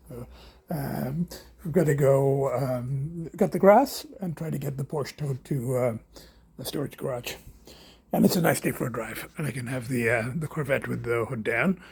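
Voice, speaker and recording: Vlogger, male, mellow and husky, chatty and meandering, drifts into soft cooing for his pets. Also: a little high. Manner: rambling, hesitant, many fillers; coos softly to his cats. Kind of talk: casual video diary. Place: home bedroom.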